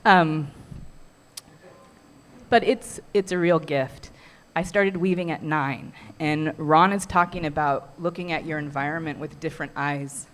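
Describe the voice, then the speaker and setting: A woman's voice: low-pitched, unhurried, a little hiss or hum. A middle-aged woman who weaves baskets, giving a heartfelt, earnest talk to a community workshop audience. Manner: heartfelt and earnest, with soft laughs.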